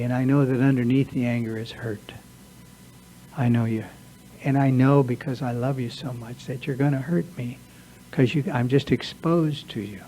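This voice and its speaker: A man's voice: medium pitch, steady tone, moderate pace, warm tone, low-quality recording. A man giving an earnest, confessional talk to a recovery workshop, sometimes acting out his own inner voice. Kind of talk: personal talk to a recovery group. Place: meeting room.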